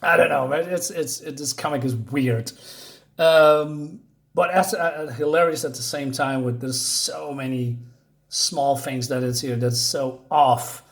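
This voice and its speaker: A man's voice: on the high side, measured pace. Rambling non-native-English man reviewing comics. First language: not English. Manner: rambling, hesitant, many fillers; chuckles often. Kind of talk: casual video review.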